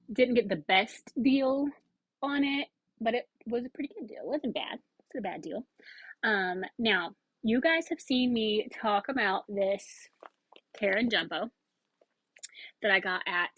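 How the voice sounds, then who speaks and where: A woman chatting excitedly in a casual haul video, rambling with fillers and bursts of enthusiasm. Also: medium pitch, no echo, low-quality recording. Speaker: yarn vlogger.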